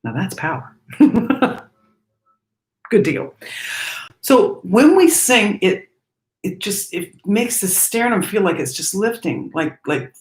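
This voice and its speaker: A woman giving a breathing lesson, speaking gently and reflectively and singing lines of a song between her remarks. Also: mid-range voice, very animated, takes it slowly, pauses often, reverberant, low-quality recording. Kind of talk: breathing lesson with sung demonstration.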